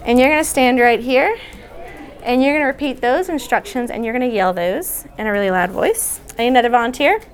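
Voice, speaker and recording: Woman running a lively workshop indoors, directing volunteers, slightly high voice. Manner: chatty, directs volunteers, quick asides. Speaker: workshop speaker. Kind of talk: interactive workshop session. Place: indoor room.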